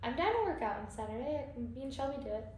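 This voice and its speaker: A young woman asks her partner questions in a chatty, upbeat way and sounds a little tired. Her voice sits slightly high. She is heard from a distance in an echoey room with faint noise behind her. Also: animated, rapid-fire, a little mellow. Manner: upbeat, prodding interviewer, chatty. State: tired, yawning. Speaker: host. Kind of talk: casual chat.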